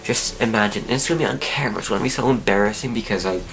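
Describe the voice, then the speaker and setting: A young man telling a rambling, excitable story to his camera as a casual vlog, with halting restarts and faint music behind. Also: on the low side, noisy background. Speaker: vlogger.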